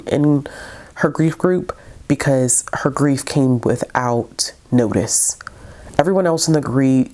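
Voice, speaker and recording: A woman with a very deep voice chats casually about the books she read, heartfelt and tearful. She stumbles and restarts often as she talks. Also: a little mellow. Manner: emotional, heartfelt, many fillers and restarts. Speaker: book vlogger. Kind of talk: casual book review chat.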